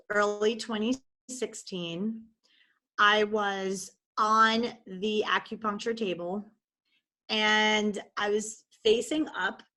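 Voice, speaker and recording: Middle-aged woman, podcast guest, candid, expressive storytelling, lots of fillers, mid pitch. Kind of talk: personal storytelling in conversation.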